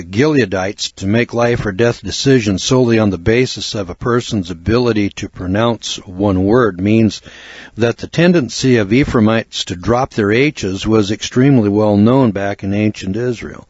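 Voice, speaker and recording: An older man from the United States reads and explains a book review in an earnest, measured lecturing style, talking steadily with occasional pauses for asides. His voice is on the low side and a little mellow, recorded close and dry with no echo or room sound.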